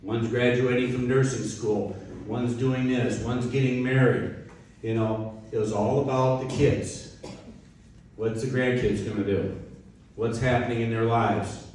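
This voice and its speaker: A man's voice: medium pitch, steady tone, a little slow, a little mellow. Man giving a heartfelt eulogy in an echoey hall. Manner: chatty, speaks straight to the widow and crowd, heartfelt. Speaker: eulogy speaker. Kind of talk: informal eulogy at a memorial. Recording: echoey hall from a distant mic, faint noise.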